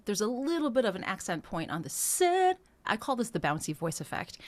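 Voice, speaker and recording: A woman's voice: medium pitch, sing-song, a little fast. A woman vocal coach talking through a singing lesson, explaining phrasing step by step in a conversational way with some fillers. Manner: explains phrasing step by step, breaking into sung demonstrations; conversational with frequent fillers and restarts.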